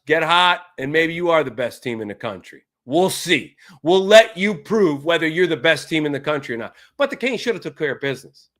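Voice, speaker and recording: Guy doing a live sports stream, bright sharp voice, kinda high, sarcastic rants. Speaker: sports talk show host. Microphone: streaming setup mic.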